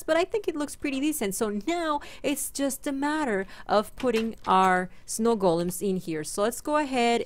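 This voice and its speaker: A woman hosting a gaming channel, chatting casually and playfully through her game and talking to her in-game pets. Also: fairly high pitch. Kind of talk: casual let's-play commentary.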